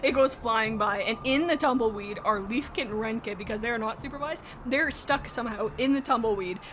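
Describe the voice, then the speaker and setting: A woman reading fanfiction aloud and reacting with animated, giggly, joking asides. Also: on the high side, a little fast, noisy background.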